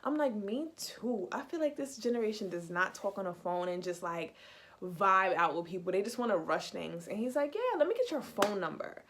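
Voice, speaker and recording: A young woman from the United States, chatty and animated, telling a casual storytime in a vlog. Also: medium pitch, normal speed. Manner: chatty, animated, heavy use of "like". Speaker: vlogger.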